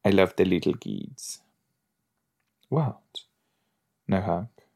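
A man with a lowish voice talks through an episode as a casual watch-along. He speaks slowly and thinks aloud. He is chatty and joking, with plenty of filler words. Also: darkish tone, husky. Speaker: podcast host.

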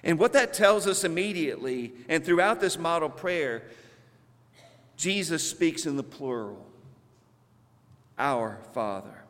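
A man preaching a sermon with a Southern US accent, speaking slowly and deliberately with emphatic pauses. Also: on the high side, expressive, a bit bright, big-room sound. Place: church sanctuary.

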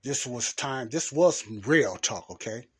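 A man's voice: medium pitch, animated, measured pace, breathy edge. A man hosting a Christian talk show, preaching in a casual, repetitive way and often asking "okay?" and "you know.". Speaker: Christian podcast host and preacher.

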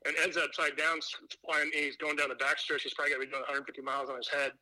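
A man's voice: a little high, little pitch movement, very fast, pushed and bright, dry recording, low-quality recording. A man chatting as a podcast guest, telling rambling stories full of fillers and restarts. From Indiana. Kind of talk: casual chat.

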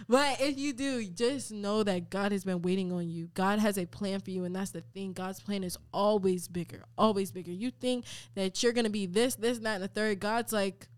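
An animated young woman in her twenties talks about faith as a podcast guest. She hammers her points home by repeating them, at a middle pitch. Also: moderate pace, few pauses, clear, resonant tone. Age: 20s. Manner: animated, repeats phrases for emphasis. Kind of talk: casual faith talk.

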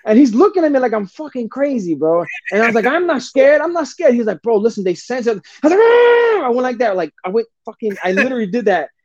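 A high-voiced man rattles through his stories at a fast clip, loose and animated, packing every sentence with slang and curses. The recording is dull and lo-fi, with a dry, close sound and no room around it. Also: no room sound. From New Jersey. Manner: animated, swearing, street slang, says bro a lot. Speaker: podcast guest. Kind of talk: casual storytelling.

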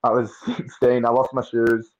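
A man's voice: mid-range voice, flat delivery, normal speed, highs cut off. A young Australian man chatting as a podcast guest, swearing freely and telling slangy stories. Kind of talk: casual chat.

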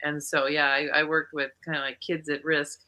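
Sixties lady from south dakota, really bright tone, chatty and laughy on a call. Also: deep voice, level tone, normal speed. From eastern South Dakota. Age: 60s. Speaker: guest. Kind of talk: casual chat.

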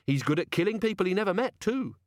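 A man voicing an earnest young male city watchman, raised and lively in his questions. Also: high-pitched, fast talker, no room sound, clean studio sound, pitched above the performer's own voice. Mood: eager.

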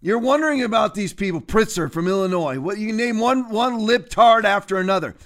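A man hosting a political commentary show, ranting in a combative, mocking way with many restarts and sudden bursts of loudness. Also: high-pitched, lively intonation, fairly quick.

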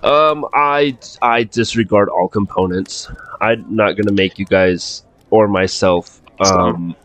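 A man's voice: fairly low pitch, takes it slowly, fairly bright tone, no echo. A man narrating a tabletop game as game master, casual with lots of fillers. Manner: casual, laughs often, filler words.

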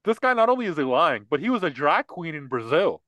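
A man co-hosting a podcast, chatting casually about politics in an animated, mocking, joking way. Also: fairly high pitch, a little fast, no echo, rough recording. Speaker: podcast co-host.

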